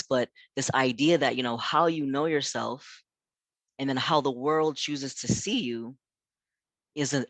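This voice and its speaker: A man's voice: mid-range voice, fairly bright tone, dry recording. A man speaking as a pastor in a reflective workshop talk, posing questions and often saying "you know". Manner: thoughtful, frequent "you know" fillers, rhetorical questions. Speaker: pastor and community center founder giving a workshop.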